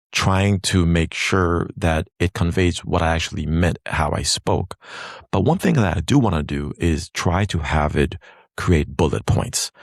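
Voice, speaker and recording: Low gravelly guy walking through a dictation demo at his computer, dry close sound. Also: no room sound. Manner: explains step by step, dictating sample text aloud. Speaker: lawyer and mediator demonstrating dictation software. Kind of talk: screen-recorded software demo.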